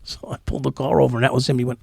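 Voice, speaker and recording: A man's voice: mid-range voice, little pitch movement, very fast, vocal fry, slightly rough, dry recording, clean studio sound. A middle-aged man, a former cop telling stories bluntly and profanely in an interview, acting out what people said. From New York. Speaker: interview guest, former police officer. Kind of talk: candid storytelling in a podcast interview.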